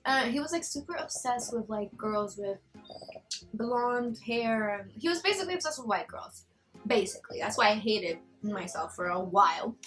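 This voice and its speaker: A young woman with a slight Spanish accent, telling a personal story in a casual, animated vlog chat. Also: fairly high pitch, moderate pace, faint music behind, poor audio. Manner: chatty, animated, quoting others in raised voice. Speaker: vlogger.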